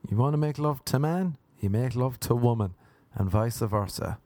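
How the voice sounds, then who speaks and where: A man, telling a rambling self-mocking comic monologue and often jumping into high put-on voices. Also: moderate pace, mellow, dry recording. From Ireland. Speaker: comedian. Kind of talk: comedic monologue.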